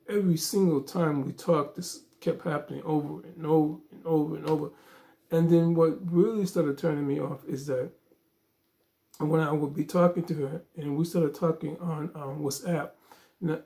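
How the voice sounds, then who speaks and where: A man's voice: fairly high pitch, moderate pace, creaky. A man vlogger telling a story in a casual way, acting out the dialogue with lots of fillers. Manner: animated, acts out dialogue, frequent fillers.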